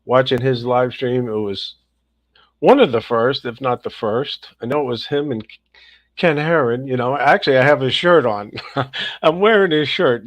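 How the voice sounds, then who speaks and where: A man's voice: medium pitch, no echo. A man hosting a casual livestream, upbeat and chatty, greeting viewers one by one. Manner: upbeat, greets viewers by name in a lively rising voice. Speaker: livestream host. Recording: dull, slightly lo-fi dry sound.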